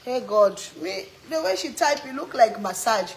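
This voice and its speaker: A woman's voice: fairly high pitch, normal speed, poor audio. A woman hosting a cooking live stream from a home kitchen, chatting with viewers as she reads their comments and teases them while she cooks. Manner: animated, teasing, exclaims often. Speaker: cooking vlog host.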